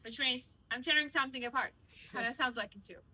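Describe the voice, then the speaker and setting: A woman's voice: sits high, quick pace, sharp tone, slight background noise, rough recording. A woman from Georgia, a native Georgian speaker, guiding a walking tour outdoors and explaining her language in a playful, teasing way with many examples. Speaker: tour guide. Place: outdoors in old city streets.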